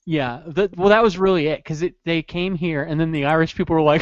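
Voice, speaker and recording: A man's voice: on the high side, fairly quick, no room sound, dull audio. A man co-hosting a podcast, chatting casually and telling stories with jokes. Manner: joking, loose storytelling with put-on voices. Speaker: podcast co-host. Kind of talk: casual comedic chat.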